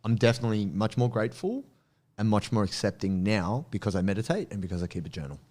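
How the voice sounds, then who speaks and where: A man, a podcast guest and coach, telling stories in animated casual chat and laughing easily. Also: fairly low pitch. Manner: animated storyteller, quick to laugh. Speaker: guest, strength and martial arts coach.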